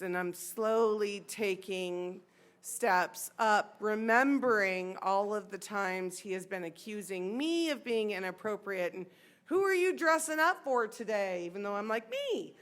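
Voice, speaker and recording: On a sports bar stage, a woman in her forties with an American accent tells a true personal story. Her medium-pitched voice has a clean tone, and she's animated, acting out the voices of the people in her tale.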